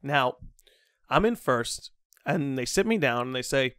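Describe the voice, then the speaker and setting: Animated young man telling a story. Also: mid-range voice, measured pace, smooth, no room sound, studio quality. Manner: animated storyteller, acts out quotes, laughs a lot. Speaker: podcast host. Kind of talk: casual storytelling chat.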